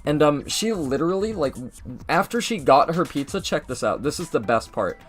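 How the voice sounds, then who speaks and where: A man's voice: a little high, moderate pace, soft background music. A young man casually telling a rambling story over gameplay, acting out the people in it as he goes. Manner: rambling, animated, mimics people in his story. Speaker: gaming video host.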